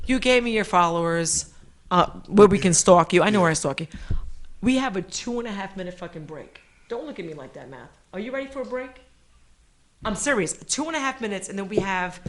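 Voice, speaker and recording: A woman from the Bronx, hosting a live show and telling stories in a brash, profane, comic way. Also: lowish voice. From Bronx, New York. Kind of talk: live show banter and storytelling.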